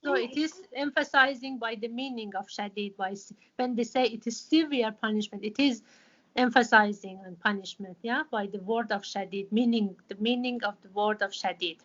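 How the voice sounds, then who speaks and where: A woman's voice: on the high side, moderate pace, a bit bright, highs cut off. A woman who teaches an online Quran class and explains patiently, with many fillers and restarts.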